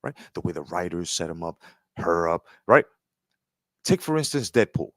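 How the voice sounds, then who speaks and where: A man's voice: low-pitched, very animated, normal speed, no room sound, clean studio sound. A man giving a heated, profane commentary rant, often asking "right?". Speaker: commentary streamer. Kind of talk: ranting commentary.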